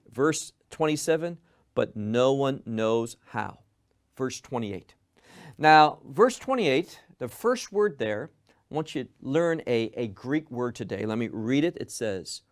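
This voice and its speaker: A man teaching a Bible passage as a sermon, asking rhetorical questions and answering them himself in a deliberate, emphatic way. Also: a little high. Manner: slow, deliberate, emphatic delivery.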